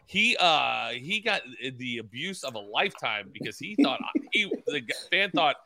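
A man's voice: medium pitch, sing-song, normal speed, gravelly, pushed and bright. A man co-hosting a podcast, joking and playful in casual chat. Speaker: podcast co-host.

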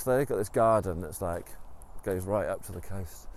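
A man with a low, gravelly voice retells a story at an unhurried pace. He rambles, restarts and fills gaps with ums. A faint hiss sits under the recording. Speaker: podcast storyteller.

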